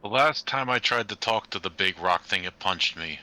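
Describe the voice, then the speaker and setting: A man's voice: on the low side, lively intonation, moderate pace, sharp tone. A man taking part in a tabletop game as a player, making offhand, wry remarks about his character's actions. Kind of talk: casual tabletop play.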